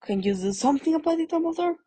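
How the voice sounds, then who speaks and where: A woman voicing Professor McGonagall, a strict older female professor, speaking in a brisk, scolding, hushed way. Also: sits high, expressive, pitched above the performer's own voice. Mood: pleading.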